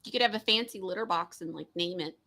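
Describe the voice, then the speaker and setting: A woman's voice: fairly low pitch, fast talker, pushed and bright, a little hiss or hum. A woman co-hosting a casual chat show, teasing and laughing often. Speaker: co-host.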